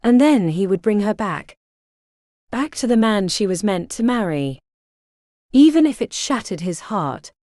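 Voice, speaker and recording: A woman narrates a romance novel with expressive, dramatic delivery. Her pitch rises and falls in a lively way over a mellow tone, and the recording is dry and close. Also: a little slow, dry recording. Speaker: audiobook narrator. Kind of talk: scripted narration.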